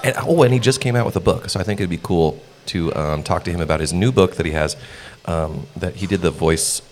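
A man co-hosting a podcast in casual chat, playful and quick to joke. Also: deep voice. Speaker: podcast co-host.

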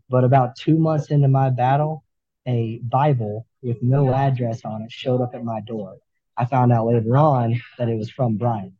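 A man speaks earnestly as a podcast guest, restarting his sentences as he works through his thoughts. His voice is very dark and husky. The recording is dry and a bit dull. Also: medium pitch, no echo. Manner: earnest, halting, many restarts. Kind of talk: candid interview talk.

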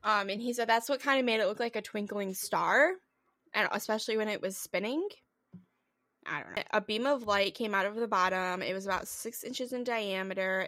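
A woman's voice: medium pitch, a bit bright, dry recording, studio quality. Casual woman retelling a spooky story. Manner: loose retelling with many "like"s and swearing. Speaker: podcast co-host.

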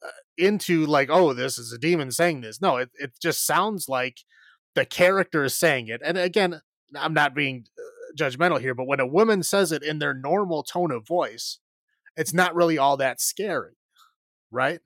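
Guy ranting about a movie on a podcast, higher voice, dry close sound. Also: normal speed, fairly bright tone, no echo. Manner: rambling, exasperated, many fillers and restarts. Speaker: podcast co-host. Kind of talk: casual film review chat.

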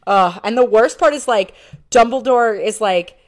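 A young woman co-hosts a podcast in loose, casual chat, with a voice pitched a little high. She giggles often, leans on fillers, and slips into playful quotes of characters. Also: moderate pace. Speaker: podcast co-host.

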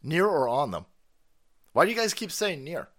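A man's voice: on the high side, very animated, moderate pace, fairly bright tone. A man hosting a live stream, ranting in a profane, sarcastic way and laughing often. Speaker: streamer host.

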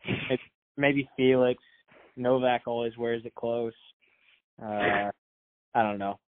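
A man co-hosting a podcast in casual chat, excitable and saying "dude" a lot. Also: mid-range voice, takes it slowly, no echo. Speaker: podcast co-host. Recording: dry, tinny phone-like sound.

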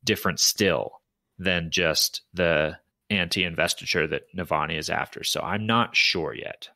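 Bright-voiced man musing hesitantly. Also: low voice, unhurried, no room sound. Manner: thoughtful, hesitant, many restarts. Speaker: podcast co-host. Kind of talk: casual book discussion.

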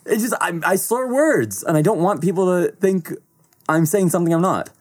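A man's voice: high-pitched, moderate pace, no echo. Male podcast co-host, joking, dry close recording. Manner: joking, animated, does silly voices. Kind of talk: casual chat.

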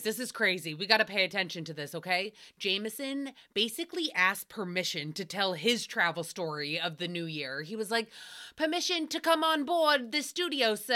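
Podcast host, woman, thirties, bright and sarcastic, casual riffing delivery. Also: medium pitch, smooth. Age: 30s. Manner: sarcastic, riffing, swears freely.

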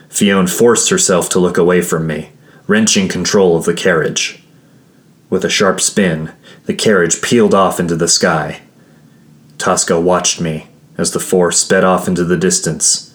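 A man narrating a first-person story in a measured, storytelling way. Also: sits low.

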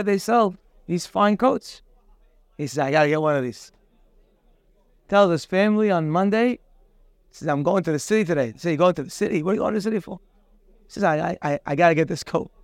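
A man with a high, smooth, resonant voice gives a morning Torah class. He tells a parable with animated, acted-out dialogue, and the recording is dry and close. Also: dry recording. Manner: animated storyteller acting out dialogue. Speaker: Torah teacher. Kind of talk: storytelling lesson with a parable.

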